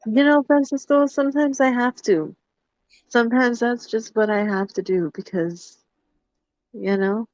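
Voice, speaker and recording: A woman's voice: on the high side, a little mellow, no room sound. Female co-host, frank and teasing, stop-start delivery; dry, a bit muffled recording. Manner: frank, teasing, halting with restarts. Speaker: podcast co-host. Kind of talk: live podcast talk.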